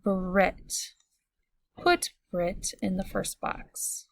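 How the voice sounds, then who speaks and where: A woman teacher leads a recorded phonics lesson at a deliberate, clear pace. Her mid-pitched voice has a slight gravelly fry. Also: dry recording. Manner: slow, clear, instructive.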